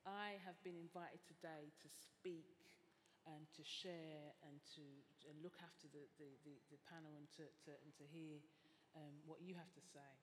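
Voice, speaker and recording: A woman moderating a live panel in a measured, earnest way. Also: deep voice, steady tone, slight background noise. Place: stage at a public event with an audience.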